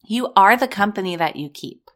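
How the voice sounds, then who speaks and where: A woman's voice: mid-range voice, animated, moderate pace, a bit bright. A woman commenting casually on a court case, blunt and sarcastic, swearing freely as she reacts. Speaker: reality TV commentator. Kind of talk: casual commentary, reading court documents aloud.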